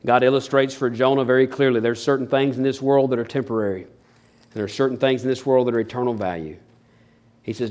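A man's voice: mid-range voice, fairly even intonation, brisk, darkish tone. A middle-aged man preaching a sermon, folksy and emphatic with homespun asides. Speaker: pastor.

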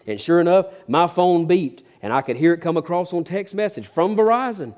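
A preacher man with a high-pitched voice delivers his sermon dramatically. He acts out the quotes and drops from loud declarations to hushed asides. Between points he slips into folksy storytelling. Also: animated, fairly quick.

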